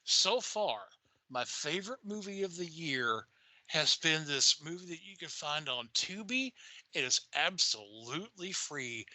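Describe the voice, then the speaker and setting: A man's voice: fairly high pitch, pushed and bright, dry recording, low-quality recording. An older man with a Southern US accent, chatting enthusiastically and rambling as a podcast co-host. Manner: enthusiastic, rambling, swears casually. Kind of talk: casual chat.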